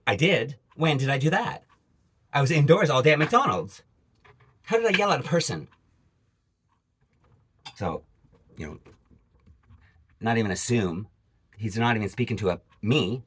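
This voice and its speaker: Brief: Canadian man, profane angry vlog rant, bright and husky. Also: mid-range voice. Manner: profane, agitated ranting with repeated asides. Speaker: vlogger.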